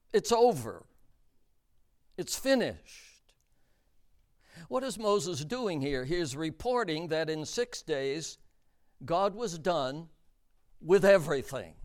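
Slow, emphatic high-voiced male preacher. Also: smooth. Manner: emphatic, deliberate, repeats key words for stress. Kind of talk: sermon.

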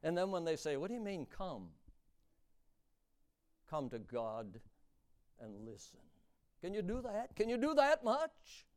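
A man preaching with a high, clear, smooth voice. His pitch swings widely as he moves from hushed asides to booming lines. He speaks slowly and stretches out key words. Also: big pitch swings. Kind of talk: sermon.

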